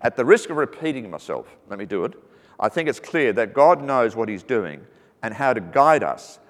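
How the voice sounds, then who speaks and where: A man's voice: medium pitch, big pitch swings, moderate pace. A man preaching a sermon, earnest and teaching, with joking asides that lighten the message. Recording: reverberant hall.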